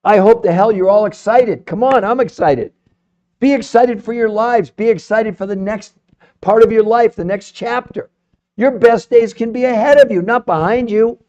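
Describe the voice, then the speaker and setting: A middle-aged man hosting a live health stream, swinging between calm number-reading and loud, swearing pitches to his viewers. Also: moderate pace, highs cut off.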